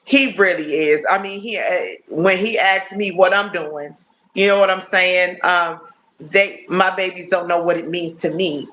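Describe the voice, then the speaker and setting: A woman in her fifties chatting casually and warmly to her viewers on a phone livestream, often checking in with "you know what I'm saying?". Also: on the low side, unhurried. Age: 50s. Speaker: livestream host.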